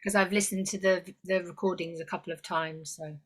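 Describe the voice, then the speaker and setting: A woman's voice: on the low side, steady tone, brisk, a bit bright. A woman on a video call asking the host questions, hesitant and full of fillers. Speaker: webinar participant. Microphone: computer mic on a video call.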